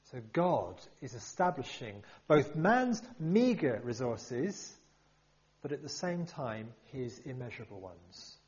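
A man's voice: mid-range voice, darkish tone, muffled recording. A man preaching a sermon to a congregation, emphatic and full of rhetorical questions.

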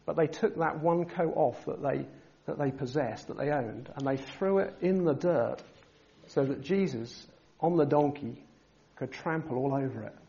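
A man preaching a sermon, asking his listeners rhetorical questions and building to loud, emphatic passages. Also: fairly high pitch, normal speed, creaky, lo-fi sound.

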